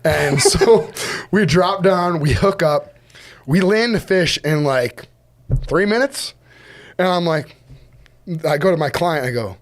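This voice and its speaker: Podcast guest, male charter captain: animated storyteller, slightly high voice, quick laughs. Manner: animated, laughs often, acts out quotes in a higher voice. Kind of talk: casual storytelling. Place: podcast studio.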